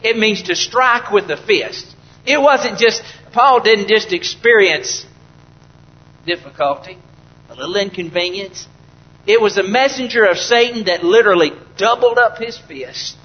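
A man's voice: sits high, a little slow, lo-fi sound. A male pastor preaching a sermon, asking the congregation questions and building to fervent, raised passages. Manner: preaching with rising fervor, rhetorical questions to the congregation.

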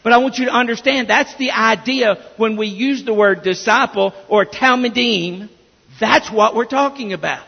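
Male pastor, high gravelly voice, slow emphatic preaching, dull echoing church recording. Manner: emphatic preaching with repeated restarts. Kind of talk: sermon.

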